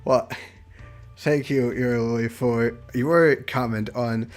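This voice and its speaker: A man's voice: mid-range voice, steady tone, slow, soft background music. A young man streaming a visual novel, reading it aloud with playful, chatty commentary. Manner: playful, chatty, laughs between lines.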